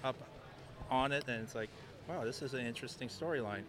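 A man talking as a podcast guest at a convention booth, his voice bright and forceful. He rambles, often restarting and circling back to his point. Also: medium pitch, a little fast. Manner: rambling, hesitant, many restarts. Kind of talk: casual convention interview.

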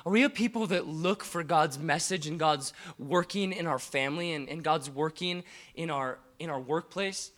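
A male pastor preaching a sermon through an animated, chuckling story full of "like" fillers. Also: on the high side, moderate pace.

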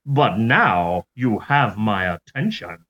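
A man's voice: fairly low pitch, big pitch swings, slow pace, a bit bright, voice pushed down, exaggerated voice. A man putting on a smug male author with a Southern US accent, on a dull lo-fi recording. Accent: put-on Southern US.

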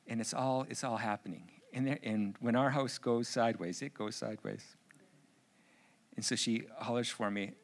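A man's voice: mid-range voice, a bit bright. A middle-aged Canadian man preaching a sermon in a conversational, humorous way that builds to emphatic urgency. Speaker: pastor.

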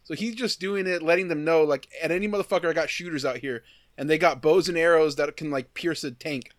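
A man's voice: fairly high pitch, fairly quick, dry recording, clean studio sound. Joking, swearing man in a casual chat.

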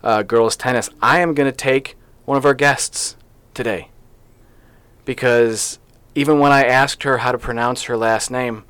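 In a small podcast studio, a man co-hosts a local sports podcast, chatting casually as he rambles through his picks and gets playful about names. His mid-range voice is a little slow and fairly even in intonation, with a fairly bright, clear, resonant tone and no echo.

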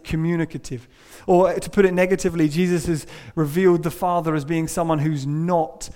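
A man preaching a sermon in a playful, animated way, acting out quoted voices and laughing at himself. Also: fairly high pitch.

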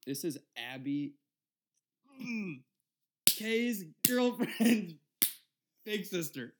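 A man in his twenties casually telling a long story on a podcast, rambling and animated, acting out the other people's lines. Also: high voice, very slow, background noise. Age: 20s. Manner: rambling, animated retelling with quoted dialogue. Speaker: podcast host.

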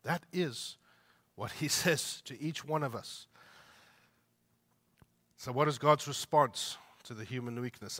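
A man's voice: mid-range voice, slow pace, long pauses, pushed and bright. A man preaching a sermon, emphatic, repeating his points and asking the listeners rhetorical questions. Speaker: pastor.

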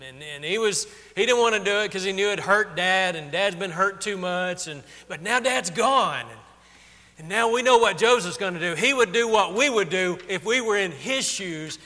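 Man preaching, high voice, bright, conversational, long hall reverb. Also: animated, normal speed. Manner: conversational, acts out quotes with rising emotion. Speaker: pastor. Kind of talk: sermon.

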